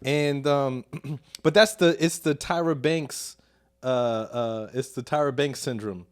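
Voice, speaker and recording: A man from Chicago, a comedian guest, telling stories in a casual podcast chat with sudden loud bursts. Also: mid-range voice, slow pace. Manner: animated, profane storytelling with sudden loud bursts.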